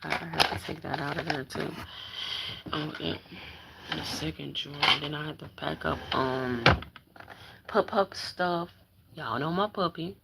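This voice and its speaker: A woman's voice: deep voice, unhurried, gravelly, pauses often, very noisy. A woman chatting casually on a live stream while packing up her bedroom, greeting viewers and praising God. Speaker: vlogger.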